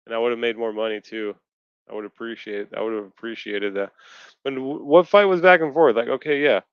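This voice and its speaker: A man's voice: medium pitch, a little fast, clean tone, no room sound, lo-fi sound. A man on a casual video-call chat, ranting and swearing in frustration. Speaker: podcast co-host. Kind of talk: casual post-fight chat.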